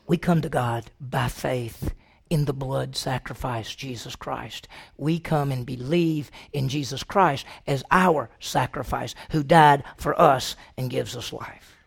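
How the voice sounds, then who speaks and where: A man preaching a sermon, asking the congregation rhetorical questions, with his pitch jumping high on points he stresses. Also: slow pace, gravelly, slightly rough. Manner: pitch jumps high when emphatic.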